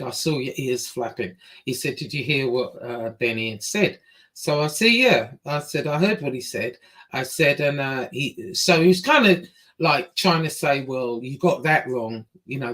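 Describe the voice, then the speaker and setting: English woman, casual storyteller; blunt, swears, acts out the dialogue with lively pitch jumps. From England.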